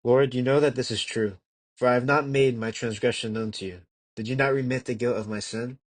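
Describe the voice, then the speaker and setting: A young man reading a classic religious text aloud as an amateur audiobook narrator, measured and earnest, with occasional slips and restarts. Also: medium pitch, steady tone, no echo. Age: young adult. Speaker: audiobook reader.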